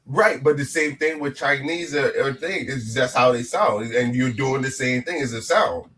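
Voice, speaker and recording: A man's voice: medium pitch, normal speed, a bit bright. A man co-hosting a podcast, chatting casually in a rambling, joking way. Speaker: podcast co-host. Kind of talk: casual chat.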